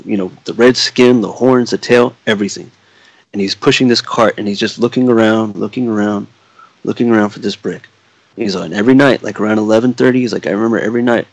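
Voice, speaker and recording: A man's voice: fairly low pitch, breathy edge, no echo, low-quality recording. A man on a podcast casually telling a spooky story, swearing freely and acting out the quoted dialogue.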